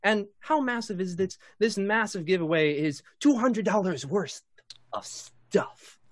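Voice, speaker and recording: A man's voice: high voice, lively intonation, measured pace, no echo. A man hosting a tabletop game stream as dungeon master, reading sponsor announcements in a jokey, rambling way. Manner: jokey, punning, rambling with fillers.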